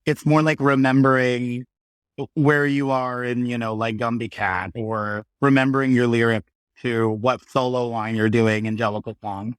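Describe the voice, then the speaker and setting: A man's voice: medium pitch, moderate pace, clear, resonant tone, no echo. A man in his thirties talks as a guest on a podcast, recorded close and dry with no room sound. His voice sits in the middle range, and he tells stories with energy and acts out the voices of the people he quotes. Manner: animated storyteller, acts out quotes. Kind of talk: casual conversation.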